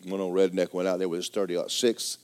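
A middle-aged man preaching a folksy, joking sermon in a church, swinging between loud exhortation and quiet asides. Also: low voice, little pitch movement, brisk. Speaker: pastor.

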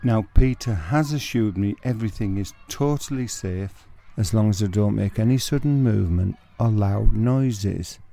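A man's voice: on the low side, moderate pace, vocal fry, hardly any pauses, slight background noise. Man giving comic commentary. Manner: chatty running commentary, bursts into loud outbursts. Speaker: comic presenter. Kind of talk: comedy sketch narration.

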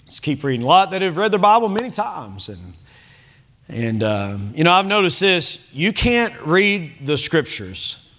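Bright-voiced preaching man, earnest sermon. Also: on the high side. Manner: earnest preaching, quotes scripture in old-fashioned wording. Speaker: pastor. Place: church sanctuary.

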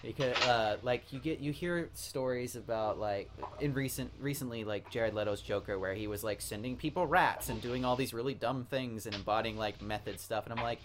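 A man hosting a podcast, chatty and animated, telling anecdotes with many fillers. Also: medium pitch, a little fast, hardly any pauses. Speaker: podcast host. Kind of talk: casual interview chat. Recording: crowd noise in background.

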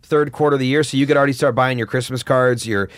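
A middle-aged man, a podcast guest, telling animated stories in casual chat and swearing freely. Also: medium pitch, fast talker, dry recording, clean studio sound.

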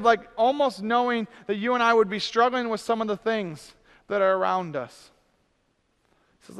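A man preaching a sermon, swinging from loud, emphatic stretches to soft, drawn-out words. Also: high-pitched, clear, resonant tone. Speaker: pastor. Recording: long hall reverb.

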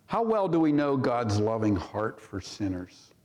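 A man's voice: mid-range voice, sing-song, a little slow, darkish tone, lo-fi sound. A male pastor preaching a sermon, reading scripture aloud and commenting on it with rhetorical questions to the congregation. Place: church sanctuary. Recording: long reverb of a church sanctuary.

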